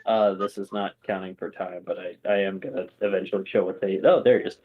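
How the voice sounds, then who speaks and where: A man's voice: low voice, level tone, fast talker, slightly rough, dull audio. A man narrating as game master, rambling with many fillers.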